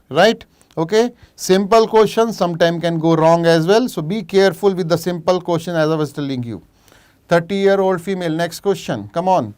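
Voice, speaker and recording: Smooth Indian man teaching a live revision class. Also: sits high, a little mellow. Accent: Indian English. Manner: explains cases while reading out viewers' chat answers; mixes in Hindi asides. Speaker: medical exam teacher. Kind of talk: live online revision lecture.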